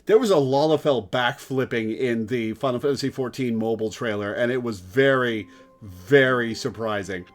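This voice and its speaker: A man's voice: medium pitch, moderate pace. Offhand man commenting on a game. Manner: offhand, amused remarks. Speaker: streamer.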